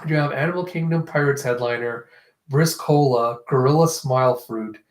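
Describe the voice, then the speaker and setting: A manga reaction host with a medium-pitched voice reads a comic chapter casually at normal speed, in a room with noticeable echo. He voices the characters' lines loudly and laughs often.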